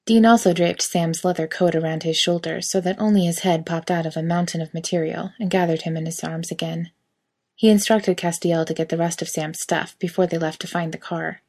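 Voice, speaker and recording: A woman reading a story aloud in steady, quiet narration. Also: lowish voice, brisk. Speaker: reader.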